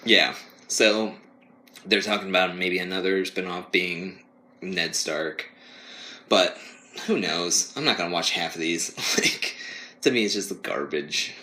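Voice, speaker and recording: Low, bright-voiced young man, casual chat. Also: measured pace. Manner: rambling, laughs often, mocks whiny voices. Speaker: podcast co-host.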